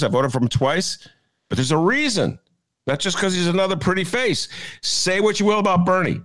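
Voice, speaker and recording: A middle-aged man giving joking commentary on newspaper columns as a columnist host, with sudden high-pitched jumps for emphasis. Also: gravelly, no echo. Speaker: columnist hosting a media review segment. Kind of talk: casual commentary.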